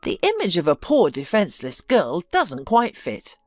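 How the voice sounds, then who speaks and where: A woman's voice: lowish voice, wildly swooping pitch, normal speed, darkish tone, dry recording, faint music behind. A woman voicing a tired, impatient businessman son who talks in a dismissive way. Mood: weary.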